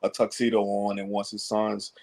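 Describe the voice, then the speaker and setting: A man's voice: on the low side, monotone, moderate pace, creaky, darkish tone. A man co-hosting a reality TV recap, blunt and colorful in his commentary. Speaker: co-host.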